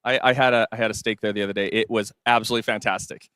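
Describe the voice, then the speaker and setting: A man's voice: fairly low pitch, fairly even intonation, racing, fairly bright tone, smooth, dry recording. Male floor host, upbeat and casual, dry sound.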